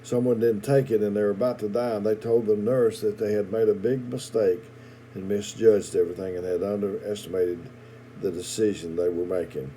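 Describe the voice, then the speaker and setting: A middle-aged preacher gives a sermon for a video, his voice low and mellow. He tells homely stories, halting often and doubling back on his words. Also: steady tone, a little hiss or hum, rough recording. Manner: halting, repeats words, folksy storytelling.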